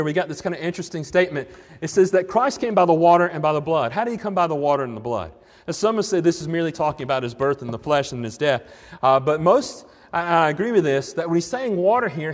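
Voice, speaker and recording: A man's voice: a little high, big-room sound. A man preaching a sermon, emphatic and questioning, with frequent restarts.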